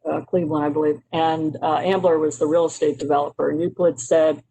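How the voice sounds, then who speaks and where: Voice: medium pitch, little pitch movement, brisk, vocal fry, warm tone, breathy edge, poor audio. A presenter from Maryland walking a county committee through slides in a conversational way, with frequent um and uh fillers and restarts. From Maryland, United States. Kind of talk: informal slide presentation on urban history.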